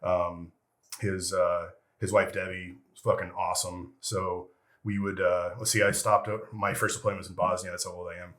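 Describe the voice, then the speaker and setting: Deep-voiced man telling rambling war stories. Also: flat delivery, normal speed, fairly bright tone. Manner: rambling and profane, heavy with fillers like "you know" and "freaking". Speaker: interview guest, retired military veteran. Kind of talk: casual storytelling interview.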